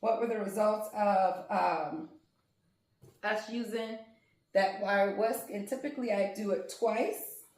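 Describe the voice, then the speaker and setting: A woman's voice: mid-range voice, steady tone, slow pace, darkish tone. A woman, vlogging at home as she unpacks yarn and gushes over each skein. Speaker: crafting vlogger. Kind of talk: casual unboxing vlog. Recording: very echoey room.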